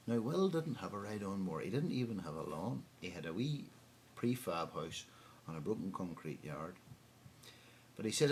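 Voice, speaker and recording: A man with a Northern Irish accent telling a tall tale in a dry, lively way. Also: sits low, moderate pace, slight background noise. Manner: lively, dry storytelling with voices for characters. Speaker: storyteller.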